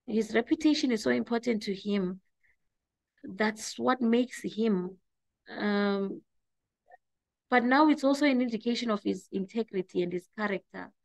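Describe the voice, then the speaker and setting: A woman teacher giving an exam revision lesson, explaining slowly and restating points with hesitant fillers. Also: mid-range voice, gravelly, dry recording, rough recording. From South Africa.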